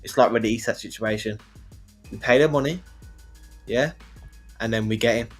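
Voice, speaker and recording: A man's voice: medium pitch, normal speed, faint music behind. A man co-hosting a casual football podcast, talking emphatically and repeating himself. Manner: repetitive, emphatic, restarts often. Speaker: podcast co-host.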